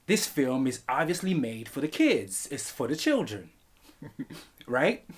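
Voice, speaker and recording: Animated, jokey male film reviewer. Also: mid-range voice, a little slow, husky. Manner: animated, jokey, profane, laughs often. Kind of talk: comedic review vlog.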